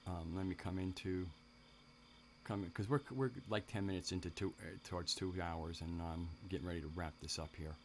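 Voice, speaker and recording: A man with a very low voice hosts a casual live stream. He rambles, restarts sentences and breaks off to talk to his viewers in the chat. Faint noise and crickets sit behind his voice. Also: fairly even intonation, normal speed.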